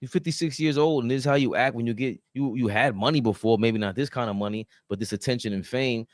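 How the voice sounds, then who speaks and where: Dude talking sports, loose and cussing, dry close sound, mid-pitched voice. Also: male voice, fast, no echo. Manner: loose, laughing, profane banter. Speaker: sports talk host. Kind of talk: casual sports chat.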